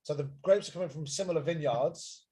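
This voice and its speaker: A man's voice: fairly high pitch, brisk, mellow. A man co-hosting a live wine tasting stream, chatting casually with jokey, sweary banter. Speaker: co-host of a wine tasting livestream. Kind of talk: casual chat.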